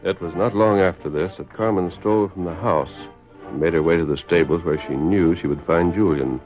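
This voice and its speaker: A man narrating an old radio western with dramatic urgency, his voice low. Music plays clearly under him on a dull, dated radio recording. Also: brisk.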